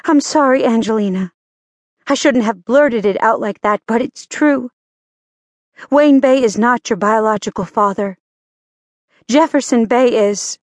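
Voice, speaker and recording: A woman's voice: on the high side, unhurried, pauses often, a little mellow, dry recording, voice pushed up, lightly acted. A woman narrator voicing a fierce middle-aged mother in an audiobook, speaking in a raised, impassioned voice. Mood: bitter.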